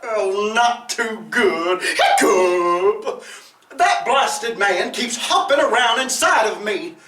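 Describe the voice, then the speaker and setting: Man doing a hiccupping whale, jolly, storybook voice, bouncy pitch, echoey distant sound. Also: animated, slow pace, background noise. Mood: flustered. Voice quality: playful, exclamatory, hiccupping. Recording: roomy echo from a distant mic.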